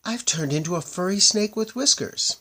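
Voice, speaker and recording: A man voicing a fretful young princess who keeps getting her magic spells wrong, in a high squeaky voice. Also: big pitch swings, moderate pace, fairly bright tone, slightly rough, heavily acted. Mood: shrieking panicked.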